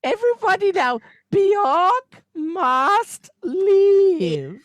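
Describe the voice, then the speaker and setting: A woman's voice: very high-pitched, very animated, drawn-out words, dull audio, voice pushed up, full character voice. A woman voicing a possessing alien spirit that squeals grand, menacing proclamations. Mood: shrill menace. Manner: squealing, theatrical villain proclamations.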